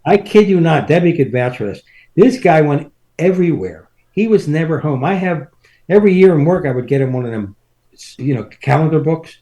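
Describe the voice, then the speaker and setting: A man's voice: fairly high pitch, animated, fairly quick, mellow. A man in his seventies, a podcast guest, telling rambling family stories in casual chat and chuckling through them. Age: 70s.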